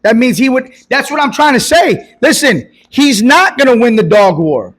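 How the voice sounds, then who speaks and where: High-voiced boxing coach arguing hard. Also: male voice, expressive, moderate pace, a bit bright, breathy edge. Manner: emphatic, argues in bursts with repeated buts and profanity. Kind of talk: heated casual debate.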